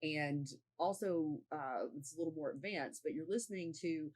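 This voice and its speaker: A woman's voice: sits low, moderate pace, a little mellow, rough recording. A woman sales coach giving a casual tutorial to camera, talking conversationally and often checking in with "right?".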